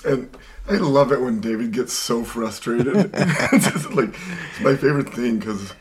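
A man's voice: mid-range voice, expressive, unhurried. A man co-hosting a podcast who chimes in with short, enthusiastic reactions and laughter. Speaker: podcast co-host. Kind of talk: casual recap chat.

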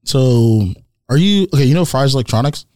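A man with an easygoing, laugh-filled manner, telling animated stories in casual conversation, with lots of "like". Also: mid-range voice, fairly quick, no echo, studio quality. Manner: animated anecdote-teller, laughs often, heavy use of "like". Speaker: guest. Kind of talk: casual storytelling chat.

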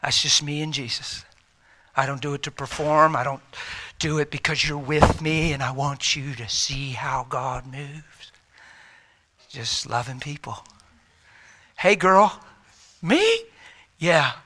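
A man's voice: medium pitch, a little slow, slight background noise. A man preaching a sermon to a congregation, telling stories with acted-out dialogue and dropping to a near-whisper at times. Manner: animated, acts out dialogue, drops to near-whisper. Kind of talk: sermon with storytelling. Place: church room with congregation.

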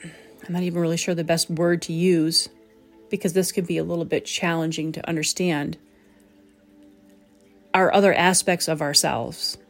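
A woman hosting a reflective spoken talk as a medium, gentle and pausing to search for the right words. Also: fairly low pitch, little pitch movement, faint music behind. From southern New England. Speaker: psychic medium, host.

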